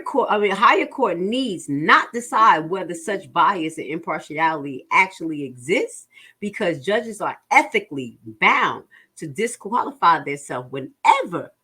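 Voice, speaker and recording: A woman's voice: on the low side, bright, forceful tone. A woman with a New Jersey accent reading a legal motion aloud and explaining it to her viewers, stumbling over words and stopping for asides. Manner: halting reading with many fillers and restarts, asides to the audience. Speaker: legal commentary host.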